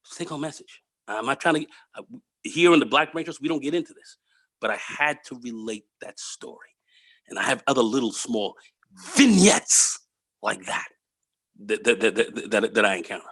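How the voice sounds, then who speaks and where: A man's voice: medium pitch, moderate pace, breathy edge, dry recording. Guy on a podcast telling a story, lots of ups and downs in his voice, dry close sound. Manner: animated, repeats words, acts out dialogue. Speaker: podcast host. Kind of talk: casual storytelling.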